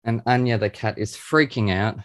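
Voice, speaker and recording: An excitable, theatrical man hosting a chat, sometimes rattling off a long tongue-twisting introduction. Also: medium pitch, normal speed, no room sound. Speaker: podcast host. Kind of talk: casual chat and rapid scripted intro.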